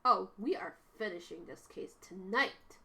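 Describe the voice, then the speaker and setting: A woman's voice: mid-range voice, measured pace, sharp tone. A woman streaming a video game, joking and swearing in casual commentary. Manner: profane, joking.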